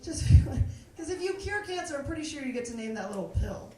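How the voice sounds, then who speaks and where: A woman doing a stand-up comedy set with a sardonic delivery, often sliding into quiet mock asides, in a comedy club. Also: sits high, big pitch swings, quick pace. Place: comedy club stage, live audience. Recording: echoey room from far off, noisy.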